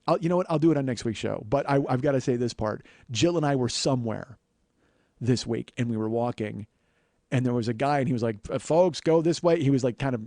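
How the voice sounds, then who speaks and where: A man hosting a comedy podcast, chatting casually with loud silly bits and lots of swearing. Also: medium pitch, dry recording, clean studio sound. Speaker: podcast host.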